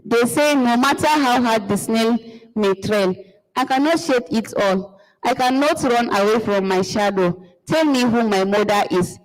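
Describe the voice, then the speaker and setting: Brief: woman reading as a desperate young son, high voice, echoing hall. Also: a little slow, natural voice. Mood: pleading. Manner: insistent, pleading. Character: young man demanding to know his mother. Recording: long hall reverb.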